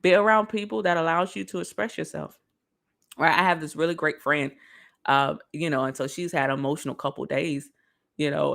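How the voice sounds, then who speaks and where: Gravelly-voiced woman giving a pep talk. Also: fairly low pitch, fairly quick. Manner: lively, preachy, talks straight to viewers. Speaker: motivational speaker. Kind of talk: casual motivational talk.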